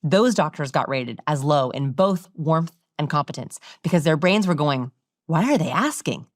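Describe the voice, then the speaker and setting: A woman with a fairly low voice speaks as a podcast guest. She explains her points clearly and slips into demonstration voices to show what she means. The sound is dry and close. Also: moderate pace, no echo. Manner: demonstrative, acts out example voices. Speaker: guest expert. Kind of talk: podcast interview.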